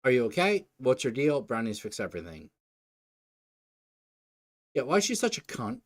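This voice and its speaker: A man's voice: medium pitch, moderate pace. Joking young man reading a game aloud. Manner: lively, joking, crude asides. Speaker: let's play host. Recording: faint game music behind.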